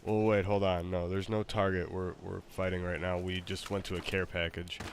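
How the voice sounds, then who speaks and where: Male gamer, very low voice, hesitant casual chat, faint noise behind. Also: little pitch movement, moderate pace. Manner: hesitant, stammering, laid-back. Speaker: gamer streaming a match.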